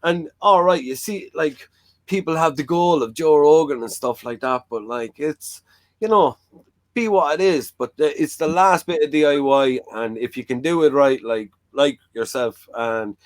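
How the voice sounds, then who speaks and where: A man's voice: fairly high pitch, normal speed, no room sound. Man, talk host, loose rambling chat, dry sound. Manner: rambling, frank, fillers like "like" and "you know". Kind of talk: casual chat.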